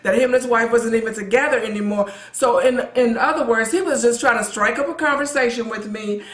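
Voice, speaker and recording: A woman's voice: a little high, fairly quick. A woman, a pastor's wife and co-host, chatting earnestly about marriage and telling personal stories, often repeating words as she talks. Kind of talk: conversational storytelling. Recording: echoey room.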